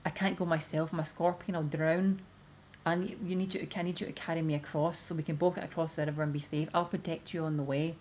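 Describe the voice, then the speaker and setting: A woman's voice: low-pitched, flat delivery, quick pace, a little mellow, slight background noise, lightly acted. A woman voicing a sly pleading scorpion. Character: sly scheming scorpion, bound by its nature.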